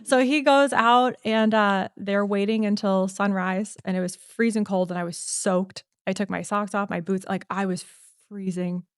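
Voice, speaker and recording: A woman guest on a podcast telling a personal story in casual talk, animated and full of "like" fillers. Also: medium pitch, moderate pace, clear, resonant tone, no room sound, studio quality. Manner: animated, acts out quotes, many "like" fillers.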